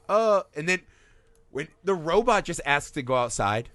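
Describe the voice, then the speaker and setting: A man in his thirties co-hosting a casual film podcast, animated and swearing freely as he acts out scenes. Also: fairly high pitch, moderate pace, dry recording. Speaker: podcast co-host.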